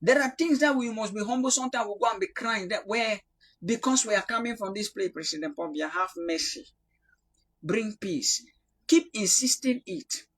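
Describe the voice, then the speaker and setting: Cameroonian prophet guy, husky voice, fired-up preaching then soft praying. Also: very high voice, brisk. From Northwest Cameroon. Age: young adult. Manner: impassioned, denouncing, swings between loud rebuke and quiet prayer. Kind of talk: prophetic sermon.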